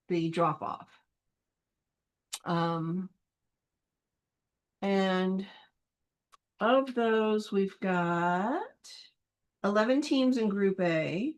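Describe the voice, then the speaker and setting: A woman's voice: mid-range voice, low-quality recording. A woman organizing a film event, thinking aloud as she works and mumbling half-finished counts to herself. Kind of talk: thinking aloud while working.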